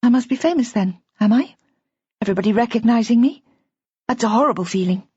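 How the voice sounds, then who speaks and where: A woman's voice: expressive, quick pace, warm tone, husky, dry recording. A woman reading an audiobook, voicing a defiant, tearful young wife who is fiercely devoted to her husband. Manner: high, emotional and indignant, voice breaking at times. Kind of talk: audiobook character voice. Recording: dull, dry audiobook recording.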